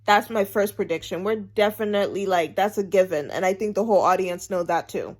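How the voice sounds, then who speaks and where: A woman chatting casually through a TV episode recap, animated and emphatic, repeating her points for effect. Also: medium pitch, fairly quick. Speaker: TV show recap vlogger.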